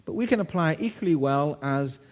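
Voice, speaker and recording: A man's voice: fairly high pitch, lively intonation, fairly quick. A man in his sixties from the United Kingdom preaching a sermon to his church, telling a story in a conversational way with rhetorical questions.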